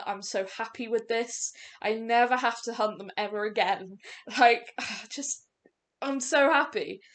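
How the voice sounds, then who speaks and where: A young woman hosting her gaming channel, giving chatty, excitable commentary over gameplay, full of fillers and restarts. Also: mid-range voice.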